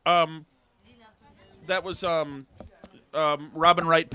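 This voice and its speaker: A man joins a casual chat with a bright, forceful voice pitched slightly high. He hesitates and fills gaps with ums. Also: steady tone, clear, resonant tone. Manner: halting, many ums.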